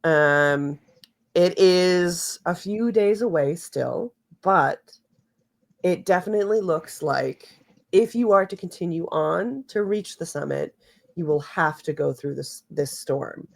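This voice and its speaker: Slow, low-voiced woman game master. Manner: halting, many fillers and throat clearing. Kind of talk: narrating a tabletop game.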